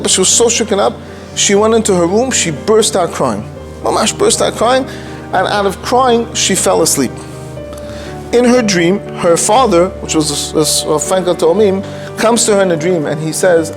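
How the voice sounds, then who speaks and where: A man, a rabbi, telling a story in an animated way and mixing Hebrew and Yiddish terms into his talk. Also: sits high, moderate pace, music in the background. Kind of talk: storytelling lecture.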